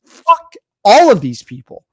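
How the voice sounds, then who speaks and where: A man's voice: sits high, wildly swooping pitch, a little slow, fairly bright tone, no echo, studio quality. A male podcast co-host ranting about politics with heavy profanity. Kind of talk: crude political banter.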